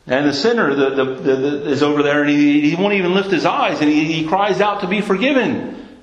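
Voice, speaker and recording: An earnest male preacher with a somewhat high voice delivers his sermon. He often stumbles and repeats words mid-thought. The room around him is roomy and echoing. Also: brisk. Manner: earnest, repeats words when searching for them.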